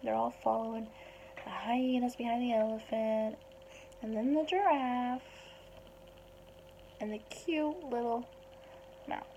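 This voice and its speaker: A woman retelling a picture book story aloud in a chatty, animated way. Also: a little high, slow pace, long pauses, highs cut off, a little hiss or hum. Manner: chatty, animated, puts on small voices for the animals.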